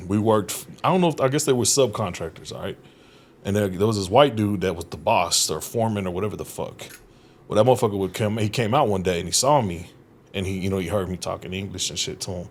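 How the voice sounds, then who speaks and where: A man's voice: on the low side, a little fast. A man guesting on a podcast, telling stories in a casual, profane way, often laughing and acting out what others said. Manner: profane, animated, laughs often, acts out quotes. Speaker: guest comedian. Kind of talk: casual storytelling chat. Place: podcast studio.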